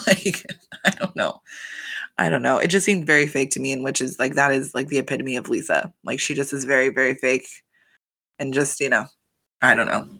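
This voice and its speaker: A woman's voice: very deep voice, gravelly, husky. A woman in a casual recap chat, swearing a lot and filling her talk with "like," acting out quotes with laughs. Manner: profane, filler-heavy with constant "like"; animated, acts out quotes with laughter. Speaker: reality show recapper.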